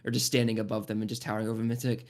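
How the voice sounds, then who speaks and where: A man's voice: fairly low pitch, completely flat delivery, rapid-fire. A man running a tabletop game as game master, narrating loosely with many restarts and frequent laughter.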